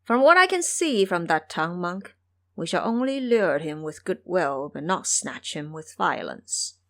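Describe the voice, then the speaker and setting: Woman doing a sly young demon lord, calm and calculating, lowish lively voice, audio drama. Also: a little slow. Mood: scheming. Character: scheming young male demon king.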